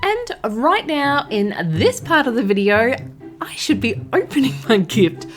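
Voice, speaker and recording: An Australian woman who makes art and craft videos, talking in a chatty, expressive way and laughing often. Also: high voice, a little slow, faint music behind. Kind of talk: casual vlog narration.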